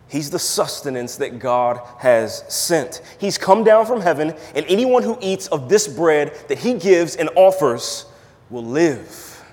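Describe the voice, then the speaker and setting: A man preaching a sermon as pastor, emphatic, firing rhetorical questions and swinging between loud and hushed delivery. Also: medium pitch. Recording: long hall reverb.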